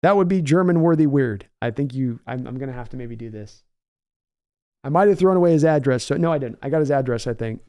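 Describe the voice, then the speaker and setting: A man's voice: medium pitch, lively intonation, fast, dark tone, clear, resonant tone. A man hosting a sports livestream in a casual, enthusiastic and rambling way, often restarting his words. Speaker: sports podcast host reading live chat.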